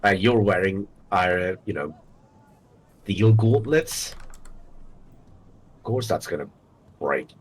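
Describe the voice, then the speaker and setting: A man playing an online tabletop game, talking in a hesitant, halting way. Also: sits low, animated, low-quality recording. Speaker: player.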